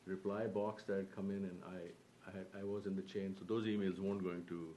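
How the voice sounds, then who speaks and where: A man speaking as a city council member, halting and conciliatory, often stumbling and restarting his words. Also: low-pitched, flat delivery, dark tone, slight background noise. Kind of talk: council meeting remarks. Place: council chamber.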